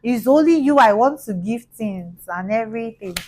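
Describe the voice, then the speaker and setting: A woman's voice: high voice, quick pace, slight background noise, pitched above the performer's own voice, close to an everyday voice. A woman putting on the voice and made-up accent of a boastful, sweet-talking fake-rich man. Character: boastful fake-rich male scammer, Nigerian.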